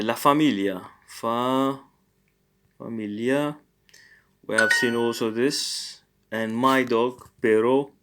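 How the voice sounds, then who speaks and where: In a noisy setting, a male language teacher leads an informal lesson, speaking slowly and deliberately at an ordinary middle pitch. He thinks out loud with many hesitations and corrects his own mistakes with good humour.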